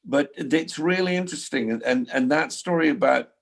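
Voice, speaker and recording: Gravelly-voiced older man. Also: a little high, normal speed. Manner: rambling with frequent restarts. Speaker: guest. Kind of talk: casual conversation.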